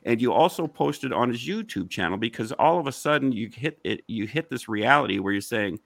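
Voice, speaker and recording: A man pressing his point in a heated online discussion, his voice gravelly and full of swings in pitch. He talks insistently and piles up rhetorical questions. The sound is close and dry. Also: expressive, a little fast, hardly any pauses, dry recording.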